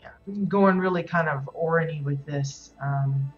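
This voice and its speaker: A woman's voice: low-pitched, measured pace. A woman streamer chatting casually as she decorates in a game, rambling and hesitant with many fillers, her voice a little worn. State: losing her voice. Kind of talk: casual live-stream commentary. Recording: dull lo-fi stream audio with music.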